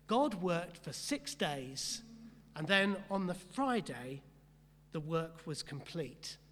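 A man delivers a sermon in a notably high voice, driving his points home with repeated phrases and questions put to the congregation. His words ring out with a long reverb, as if heard in a church hall. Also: a bit bright. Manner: rhetorical, repetitive emphasis, asks the congregation questions. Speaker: pastor.

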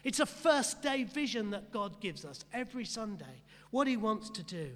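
A man's voice: high voice, big pitch swings, moderate pace, fairly bright tone, long reverb tail. A man preaching a sermon with rhetorical questions and repeated emphatic phrases, speaking. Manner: rhetorical, repetitive emphasis, asks the congregation questions. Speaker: pastor.

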